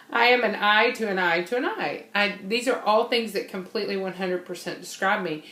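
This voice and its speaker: A woman's voice: mid-range voice, moderate pace, sharp tone, echoey room. A woman giving an informal, bubbly personality-type training talk, laughing often and unable to sit still.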